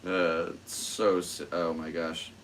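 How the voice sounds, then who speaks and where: A man's voice: sits low, flat delivery, slow pace, fairly bright tone, slight background noise. A young man and podcast host chatting casually about his stand-up comedy, rambling and full of fillers. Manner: rambling, self-amused, lots of fillers. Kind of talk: casual solo chat.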